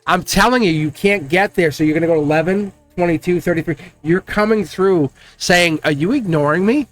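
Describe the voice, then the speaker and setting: A man giving a casual, rambling tarot reading, talking excitedly and directly to the viewer. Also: high voice, moderate pace. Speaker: tarot card reader.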